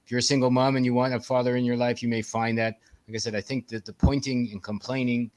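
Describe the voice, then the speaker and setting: A man's voice: mid-range voice, little pitch movement, fast talker, darkish tone, no echo. Blunt Canadian man, dry sound. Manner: blunt, opinionated, loose and rambling. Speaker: co-host. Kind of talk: casual livestream chat.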